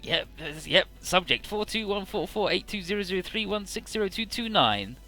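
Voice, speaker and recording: Young male let's-player, sharp, bright tone, sweary and sarcastic recaps. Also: sits high, animated, moderate pace, soft background music. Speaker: let's play host. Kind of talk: casual game commentary.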